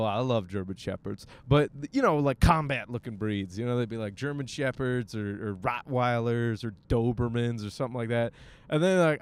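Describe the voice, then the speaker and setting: Clear and resonant, this medium-pitched male voice belongs to a podcast host talking casually while he drives his car. His rambling is full of self-deprecating jokes, frequent swearing and silly put-on voices.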